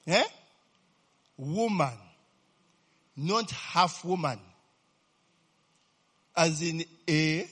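A man with a slightly high, expressive voice, a bit bright and slightly rough, preaches to his congregation, drawing out words and leaving long pauses. He ends lines with a questioning "eh?", prompts the crowd to answer and chuckles often mid-sentence in this lively call-and-response sermon.

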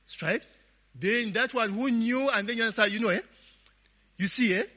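A man's voice: very high voice, normal speed, bright, forceful tone. A middle-aged man with a Ugandan English accent, preaching a conversational sermon, laughing often and asking the congregation to finish his sentences. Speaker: pastor. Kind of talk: conversational sermon with call-and-response questions. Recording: long hall reverb.

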